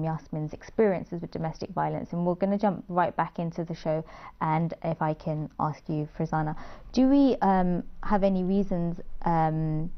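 Low gravelly woman hosting a talk show. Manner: thoughtful, measured, with fillers. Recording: slightly dull lo-fi sound.

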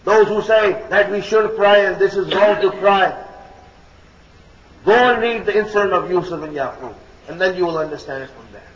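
A man's voice: high-pitched, normal speed. A man preaching a sermon, repeating key phrases emphatically and addressing his listeners as brothers and sisters. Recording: echoey hall, dull lo-fi sound.

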